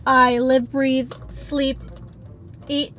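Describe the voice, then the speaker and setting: A woman's voice: sits high, level tone, very slow, bright, forceful tone. A young woman reviewing drinks in her parked car for a vlog, talking in a dramatic, over-the-top way about what she tastes. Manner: dramatic, exaggerated disgust. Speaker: vlogger.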